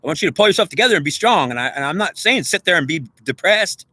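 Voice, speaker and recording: A man rants to camera in a preachy, agitated monologue. His voice is fairly high and bright, and he talks quickly. The sound is close and dry. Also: expressive, slightly rough, dry recording. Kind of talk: ranting monologue.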